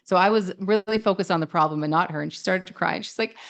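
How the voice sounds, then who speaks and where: A woman's voice: fairly low pitch, fast. A woman in her thirties co-hosting a relationship podcast as a therapist, telling stories in a casual chat, acting out quotes and restarting often. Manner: storytelling, animated quotes with many restarts. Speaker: relationship psychologist podcast co-host.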